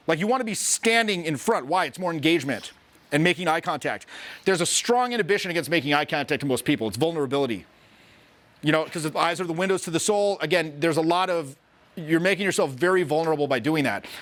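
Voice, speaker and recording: A man coaching on social skills in a blunt, profane, fired-up lecture that acts out quick examples. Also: sits high, fairly bright tone. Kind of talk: fired-up coaching talk to camera.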